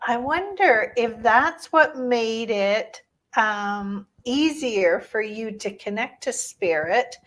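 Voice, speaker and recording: A woman hosts an interview, summing up her guest's points and prodding for more with curious questions. Her voice sits a bit high, and she talks at an unhurried pace. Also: animated, a bit bright. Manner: curious, sums up and prods for more. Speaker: podcast host. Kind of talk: interview conversation.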